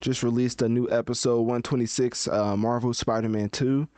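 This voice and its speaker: A man's voice: mid-range voice, fairly even intonation, moderate pace, mellow, no echo. A man hosting a casual live-stream podcast, chatting and thinking aloud as he looks things up. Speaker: podcast host.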